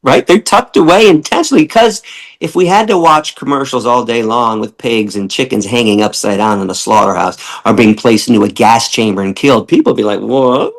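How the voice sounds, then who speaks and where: A middle-aged man talking as a podcast guest, blunt and passionate, cursing freely and acting out the people he quotes with big jumps in pitch. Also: a little fast. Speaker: podcast guest, animal rights activist. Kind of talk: casual interview talk.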